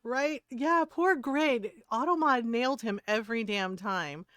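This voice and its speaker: A middle-aged woman chats on her game stream, blunt and freely swearing, with frequent laughter. Her voice is smooth and clear. The sound is dry and close, with no room echo. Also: on the high side, unhurried, fairly bright tone. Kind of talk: casual stream chat.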